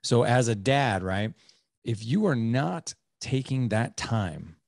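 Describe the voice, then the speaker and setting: A man in his forties hosting a podcast, talking in a casual, animated way with frequent restarts and tag questions. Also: medium pitch, slow, vocal fry, dry recording, studio quality. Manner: animated, many restarts and "like", "right?". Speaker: podcast host. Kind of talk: casual conversational chat.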